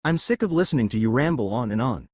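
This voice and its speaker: A man's voice: medium pitch, animated, quick pace, a little mellow, no echo, lightly acted. A man reading a coolly menacing teen boy. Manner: level, impartial tone.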